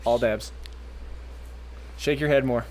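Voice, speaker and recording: A man's voice: medium pitch, steady tone, slow pace, darkish tone, a little hiss or hum. A man co-hosting a casual podcast and chiming in with dry, teasing remarks. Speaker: podcast co-host.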